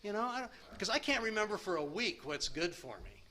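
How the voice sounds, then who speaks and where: Rambling older man, bright tense voice. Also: sits high, sing-song. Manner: rambling, self-deprecating, halting restarts. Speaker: speaker at a recovery meeting. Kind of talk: personal recovery share.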